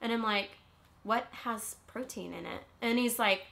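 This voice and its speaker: A woman's voice: on the high side, unhurried, vocal fry, sharp tone, exaggerated voice. A woman from California playing a ditzy, spoiled, rich young Valley Girl with a Valley Girl accent, talking in a comedic vlog monologue full of "like" and whiny uptalk. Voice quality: constant "like" fillers, airheaded whiny uptalk.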